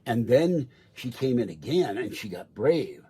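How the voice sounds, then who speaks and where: Husky rambling man on a home livestream. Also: mid-range voice, sing-song, a little slow, mellow. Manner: chatty, meandering storyteller who laughs often. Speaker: livestream host. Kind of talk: rambling casual livestream chat. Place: indoors at home.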